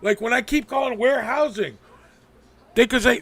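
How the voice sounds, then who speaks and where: A man's voice: very high voice, normal speed, a bit bright, slightly rough, no echo. A man hosting a live stream, venting angrily and profanely, mocking the people he quotes. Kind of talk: ranting casual talk.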